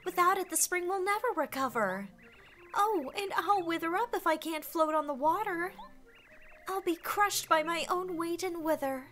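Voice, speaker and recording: Woman doing a high, melodramatic flower girl. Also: expressive, moderate pace, sharp tone, full character voice. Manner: melodramatic, gushing. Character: dramatic, vain young female flower spirit. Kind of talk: reading game dialogue aloud.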